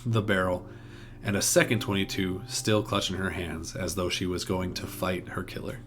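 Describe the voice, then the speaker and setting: Low-voiced man recapping a plot. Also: normal speed, a little hiss or hum. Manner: steady recap narration with small restarts. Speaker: video essay host. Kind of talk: reading a plot outline.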